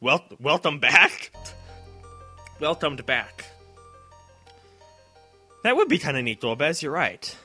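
A man giving excited commentary over a video game playthrough, cheering at the big moments and talking to the characters. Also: on the high side, takes it slowly, long pauses, breathy edge, soft background music. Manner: talks to himself and to the characters. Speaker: let's play host.

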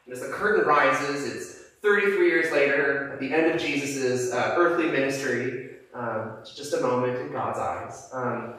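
A man's voice: mid-range voice, normal speed, a bit bright. A man preacher giving a sermon, telling a story with frequent fillers and restarts in a church sanctuary. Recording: echoey church from a distance.

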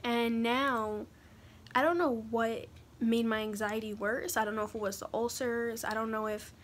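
A young woman talking haltingly in a personal confessional vlog, pausing often to collect her thoughts. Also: fairly high pitch, fairly even intonation, a little hiss or hum. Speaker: vlogger.

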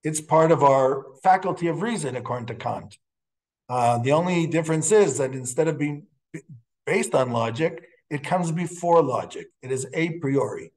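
A man teaching as a rabbi in a lecture, talking in halting phrases with frequent restarts and telling stories with quiet laughs. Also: fairly high pitch, lively intonation. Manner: storytelling with laughs and Hebrew quotes. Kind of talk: classroom lecture.

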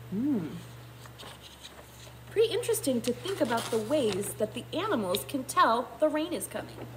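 A woman kindergarten teacher reading a picture book aloud, pausing to explain in a gentle, thinking-aloud way. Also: on the high side, sing-song, a little hiss or hum.

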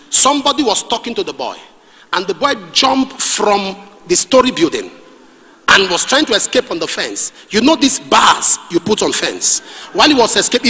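High, lively Nigerian preacher. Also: male voice, in a large hall. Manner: animated, storytelling with pidgin asides. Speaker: pastor. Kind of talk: sermon.

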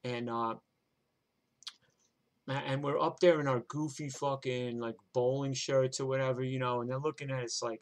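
A man's voice: mid-range voice, steady tone, moderate pace, long pauses. An older man with a New York accent telling a rambling, profane story from his own life in a streetwise way. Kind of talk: live personal storytelling.

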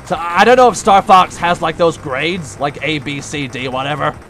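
A young man giving casual gameplay commentary, breaking into frustrated, yelling outbursts at the game. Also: a little high, normal speed, slight background noise. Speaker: let's play gamer.

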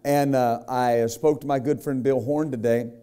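In a mellow, clear, resonant voice of medium pitch, a male pastor delivers a sermon at a moderate pace with a steady tone. He acts out quotes while retelling a scripture story, emphatically addressing the congregation and often adding "right?" and "amen?"

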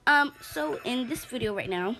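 A woman's voice: a little high, animated, moderate pace, sharp tone, slight background noise. A woman hosting a casual game-play video, chatty and rambling, full of ums and asides to her viewers, and slightly out of breath. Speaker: gaming channel host.

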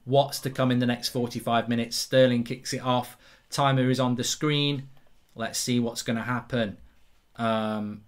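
English male football host, live reactions, hot-headed and foul-mouthed, bright tense voice. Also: medium pitch. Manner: excitable, swearing, rants at the match. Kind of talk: live football watchalong commentary.

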